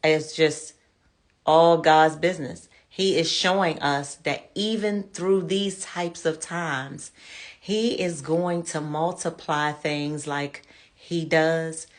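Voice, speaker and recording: A woman's voice: low-pitched, fairly even intonation, slow pace. A woman in her fifties hosting her show, talking candidly and casually to her viewers as friends, calling them y'all. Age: 50s. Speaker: show host.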